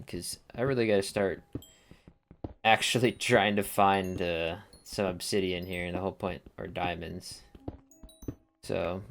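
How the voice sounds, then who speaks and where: A man's voice: on the low side, slight background noise. A young man chatting casually and rambling while playing a game, dropping slang as he goes. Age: young adult. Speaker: let's play gamer. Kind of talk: casual gameplay commentary.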